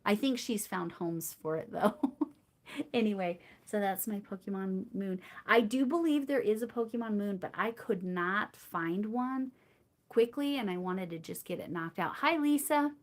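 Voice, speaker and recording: A woman's voice: mid-range voice, expressive, moderate pace. Middle-aged woman crochet streamer; casual, rambling chatter to live viewers, easy laughs, lots of fillers. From United States. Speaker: crochet livestream host.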